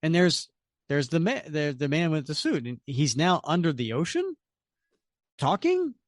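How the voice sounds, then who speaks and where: Animated man chatting about comics. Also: fairly high pitch, measured pace, no room sound, studio quality. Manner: enthusiastic, animated. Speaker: podcast co-host. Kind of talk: comic book review chat.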